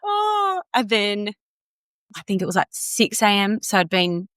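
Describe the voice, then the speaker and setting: A woman's voice: mid-range voice, sing-song, a little slow, fairly bright tone, clear, resonant tone, no room sound, clean studio sound. A woman guest on a podcast, telling her story casually and animatedly, acting out quotes with laughter.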